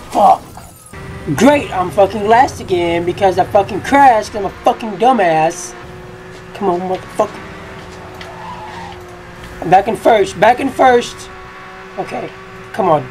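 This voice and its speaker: A young woman commentating a racing game from her college dorm room. She keeps her voice quiet but breaks into profane, excitable outbursts. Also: mid-range voice, slight background noise. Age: young adult. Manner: talking quietly. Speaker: gaming YouTuber. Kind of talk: gameplay commentary.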